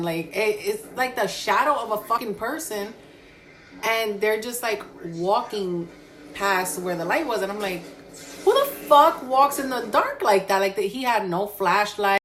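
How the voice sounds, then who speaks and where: A woman in her thirties casually telling a spooky personal story with lots of profanity and animated asides. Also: mid-range voice, a little slow.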